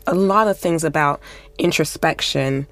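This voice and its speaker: A woman's voice: deep voice, normal speed, fairly bright tone. A woman interviewing, summarizing and affirming her guest's points in conversation.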